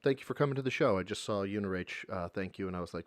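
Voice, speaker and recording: A man's voice: medium pitch, sing-song, brisk, dry recording, studio quality. A Midwestern man reacting on a live stream, exasperated, sarcastic and swearing freely. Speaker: streamer reacting to a podcast clip.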